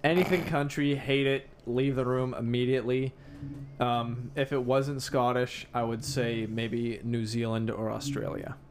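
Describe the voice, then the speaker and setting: A man's voice: medium pitch, fairly even intonation, unhurried, a little hiss or hum. A young man co-hosting a podcast, ranting bluntly and profanely in casual banter. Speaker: podcast co-host.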